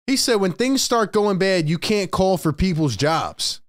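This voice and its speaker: A man's voice: high voice, sing-song, measured pace, dry recording, studio quality. A man hosting a live-stream sports commentary, ranting in exasperation to his chat. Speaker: sports talk host.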